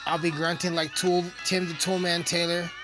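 A man's voice: on the high side, flat delivery, normal speed. A man rambling through a profane, joking casual monologue as a podcast host. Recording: music playing behind.

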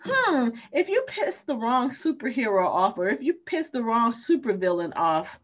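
Animated woman discussing a show. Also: a little high, normal speed. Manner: animated, acts out characters' lines. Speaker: podcast co-host.

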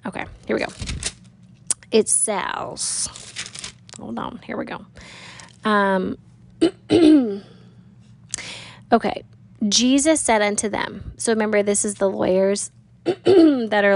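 Woman, mid-pitched, some vocal fry, casual and earnest Bible teacher. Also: no echo. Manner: conversational, earnest, reads scripture slowly.

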